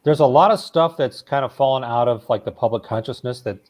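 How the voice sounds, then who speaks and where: Relaxed man sharing trivia. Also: mid-range voice, fairly quick. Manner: relaxed, shares trivia and viewer comments. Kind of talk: casual chat.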